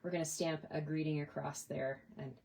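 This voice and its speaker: Woman, fairly low voice, cheerful crafting tutorial, chatty demonstrator. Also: fairly even intonation, normal speed, gravelly, darkish tone, husky. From Canada. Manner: chatty and enthusiastic, addressing viewers as you guys. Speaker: card-making demonstrator.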